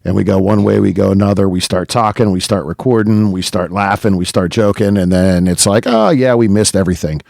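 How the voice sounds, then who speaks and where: A man's voice: low-pitched, little pitch movement, brisk, creaky, few pauses, a little mellow, dry recording, clean studio sound. A man co-hosting a podcast in casual chat, laid-back, often stumbling and restarting, with lots of "yeah". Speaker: podcast co-host.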